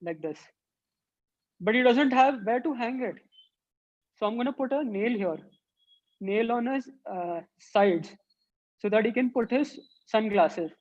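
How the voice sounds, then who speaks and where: A woman's voice: fairly high pitch, expressive, measured pace, pauses often, a little mellow, highs cut off. A woman who teaches an online drawing workshop for children and thinks aloud as she sketches. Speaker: art teacher.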